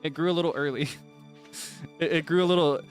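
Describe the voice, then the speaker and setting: A man's voice: fairly high pitch, steady tone, fairly quick, faint music behind. A young man streaming a farming game, chatting casually, laughing often and breaking into dramatic frustrated outbursts. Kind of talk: casual gameplay chat.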